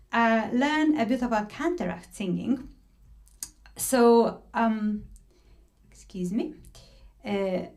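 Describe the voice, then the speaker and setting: A woman with a high, light voice teaches an online singing workshop over a video call. She speaks slowly and patiently, often pausing with fillers and restarting her sentences. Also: a little mellow.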